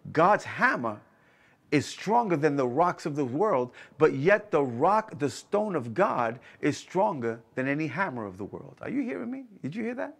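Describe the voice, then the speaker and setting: Guy preaching a sermon, kinda high voice, leans hard on his points and repeats them, keeps asking if you hear him. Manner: emphatic preaching, repeats key phrases, asks listeners if they hear him. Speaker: pastor.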